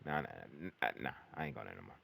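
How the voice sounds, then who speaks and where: A man's voice: very deep voice, rapid-fire, gravelly, dry recording. A young man telling a long, rambling story in casual chat, swearing freely and filling his speech with "like" and restarts. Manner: animated, profane, rambling with fillers.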